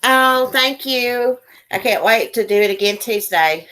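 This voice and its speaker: A woman's voice: fairly high pitch, measured pace, sharp tone. A woman hosting a casual live stream, chatting folksily with her guest and viewers. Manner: chatty, folksy, addresses chat viewers by name.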